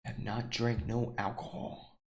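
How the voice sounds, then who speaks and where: A man who is losing his voice from a sore throat, hosting a casual live stock trading stream and reading out price levels slowly. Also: fairly low pitch, flat delivery, creaky, a little mellow, reverberant. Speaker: stock trading livestream host. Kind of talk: casual live market commentary.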